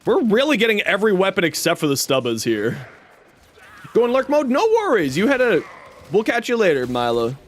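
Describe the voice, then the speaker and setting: Male streamer, high and animated voice, jokey, chatty live-stream banter. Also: brisk. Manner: playful, joking, chatty with chat. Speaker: game streamer. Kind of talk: casual live-stream chat with viewers.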